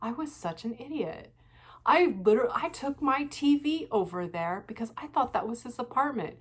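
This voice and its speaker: A woman vlogging her casual reaction commentary, animated and laughing often, with frequent swearing. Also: on the high side, moderate pace, husky.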